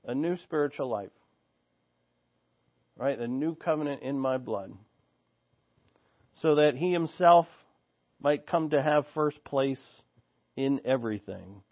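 A man's voice: mid-range voice, lively intonation, slow pace, pauses often, dry recording, narrow, tinny audio. A man preaching an expository sermon, reading scripture aloud and explaining it in an earnest, teaching way, thinking aloud with restarts.

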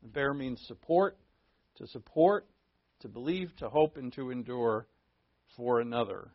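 A man teaching a Bible class in a conversational way, stressing points by repeating them and often pausing on fillers. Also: medium pitch, dry recording. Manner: conversational, repetitive emphasis, frequent fillers. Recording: dull, dry, lo-fi recording.

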